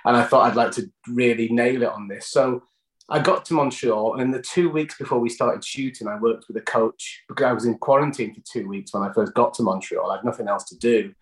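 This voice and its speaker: A British man talks through his acting process in an easy, conversational way. He circles his points with false starts and doubled words as he thinks. The sound is roomy, with a clear echo. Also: medium pitch, fairly quick. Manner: thoughtful, stumbling restarts and repeated words. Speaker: actor guest. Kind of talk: conversational interview answers.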